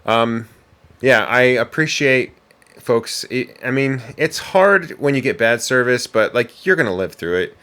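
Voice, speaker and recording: Podcast co-host, a man, casual rambling talk with many fillers, middle pitch. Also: lively intonation, unhurried, sharp tone, smooth. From United States. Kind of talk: casual chat.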